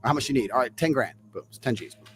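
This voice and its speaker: A man's voice: medium pitch, very fast, fairly bright tone, soft background music. A man telling a story in a brash, boastful way, swearing freely and acting out both sides of conversations.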